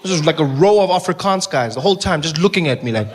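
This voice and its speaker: A South African man doing stand-up comedy, animated, slipping into voices with laughing asides. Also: a little high, fast, background noise. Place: comedy stage before a live audience.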